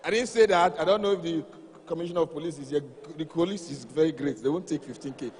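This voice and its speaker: A man's voice: fairly high pitch, quick pace, slight background noise. A man with a Nigerian accent performing live stand-up comedy, telling stories and acting out dialogue. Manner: animated storytelling, acts out dialogue. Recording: reverberant live hall.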